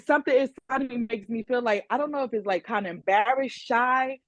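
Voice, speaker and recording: A woman speaks openly in a casual podcast chat, sometimes halting as she looks for words. The sound is dry and close, with a dull lo-fi tone. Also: fairly high pitch, no echo. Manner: candid, hesitant, quotes conversations. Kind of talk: casual discussion.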